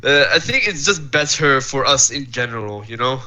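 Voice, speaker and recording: A man's voice: medium pitch, animated, moderate pace, sharp tone, poor audio. A man co-hosting a podcast in casual chat, hesitant and rambling, with many restarts and flustered protests. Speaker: podcast co-host.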